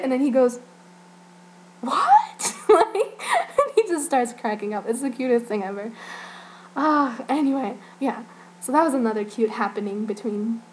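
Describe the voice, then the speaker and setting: A woman's voice: fairly high pitch, darkish tone. A young woman giving a casual, giggly fan report about an event she attended, full of "like" and gushing asides. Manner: giggly, gushing, heavy use of "like". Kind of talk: casual spoken recap.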